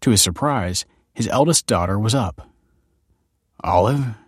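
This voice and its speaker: A man narrating an audiobook chapter in a measured, even storytelling manner. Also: fairly low pitch, slightly rough, dry recording, studio quality. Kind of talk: scripted narration.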